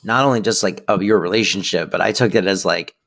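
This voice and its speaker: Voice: low-pitched, fast, gravelly. A podcast co-host in casual chat, loosely recapping scenes with plenty of fillers and quoted lines. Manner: relaxed, lots of filler 'like', quotes lines.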